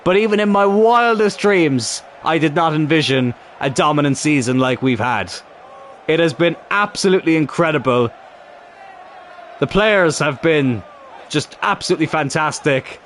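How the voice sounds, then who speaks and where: A man commentating his own football management game, cheering and shouting when goals go in. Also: a little high, normal speed, slight background noise. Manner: excitable, shouts at goals, laughs. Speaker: gaming YouTuber.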